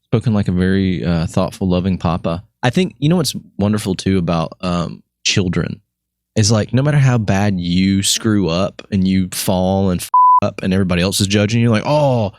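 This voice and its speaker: A lower-pitched man hosting a casual podcast, talking in loose, rambling runs and cracking jokes. His voice sounds close and dry, with no room around it. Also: normal speed, a little mellow, dry recording. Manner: rambling, jokey, mimics people in quoted voices. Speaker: podcast host.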